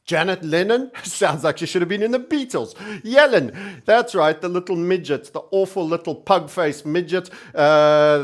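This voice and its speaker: A man hosting energetic market commentary, theatrical and cheery yet sardonic and doom-laden. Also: high-pitched. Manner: theatrical, energetic and cheery, self-styled entertainer.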